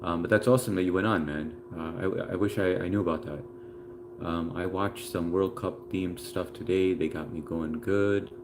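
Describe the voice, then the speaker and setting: Low-voiced laid-back man live-streaming. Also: fairly even intonation, normal speed, noisy background. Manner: laid-back, chatty, hesitant with many fillers. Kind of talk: casual live stream chat, reading viewer comments.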